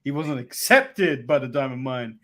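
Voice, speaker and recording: A man's voice: medium pitch, lively intonation, moderate pace, a bit bright. A man from England co-hosting a wrestling recap show, chatting casually with frequent laughs and hesitant ums. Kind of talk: casual podcast banter.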